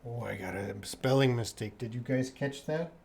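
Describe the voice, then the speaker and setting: A young man from Canada teaching English live, answering chat questions casually and repeating phrases slowly for learners. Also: mid-range voice, vocal fry, a little mellow, a little hiss or hum.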